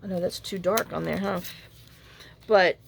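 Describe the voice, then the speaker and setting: A woman's voice: lowish voice, fairly even intonation, a little slow, creaky, slight background noise. A woman, chatting frankly and rambling through a story as a crafting vlogger at her home craft table. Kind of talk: casual storytelling chat while crafting.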